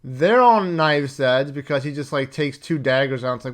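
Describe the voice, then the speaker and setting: A man recounting his tabletop game session as game master, rambling and swearing freely as he quickly acts out his players and characters. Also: medium pitch, lively intonation. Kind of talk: casual storytelling recap.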